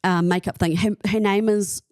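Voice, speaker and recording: A woman's voice: medium pitch, fairly even intonation, moderate pace, darkish tone, no echo, studio quality. Chatty New woman telling gossip. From New Zealand. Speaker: guest. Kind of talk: casual podcast chat.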